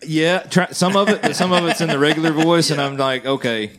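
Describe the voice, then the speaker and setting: Over a noisy crowd, a man with a somewhat high voice talks a little fast. He's a co-host on a casual Christian podcast, earnest and loosely conversational, often checking in with his fellow hosts.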